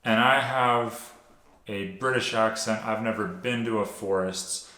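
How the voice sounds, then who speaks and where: A man's voice: on the low side, unhurried, sharp tone. A man giving direct-to-camera sales tips as a sales coach, explaining in an instructive way and often checking in with "right?". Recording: echoey room.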